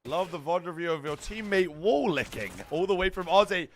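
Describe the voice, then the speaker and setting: A man's voice: high voice, animated, normal speed. A young British man streaming a watch party, chatting casually with his viewers, brash and full of swearing. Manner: brash, swears a lot, banters with chat.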